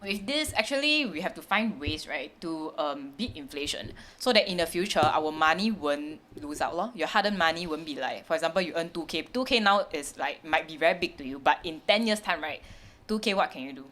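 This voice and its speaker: A woman's voice: low voice, expressive, a little fast, fairly bright tone, slight background noise. A woman with a Singaporean English accent co-hosting a casual chat about money, talking in a hesitant, chatty way with frequent laughs. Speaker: podcast co-host.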